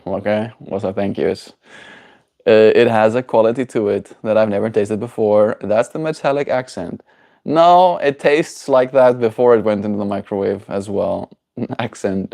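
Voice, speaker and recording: Man, low voice, casual livestream chat, playful, rambling. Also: warm tone. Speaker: daily streamer.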